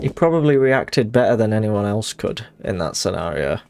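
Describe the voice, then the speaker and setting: A man's voice: lowish voice, big pitch swings, moderate pace, vocal fry, music in the background. A young man, chatting casually while streaming a game and telling rambling stories. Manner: rambling storyteller, acts out quotes. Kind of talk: casual chat while gaming.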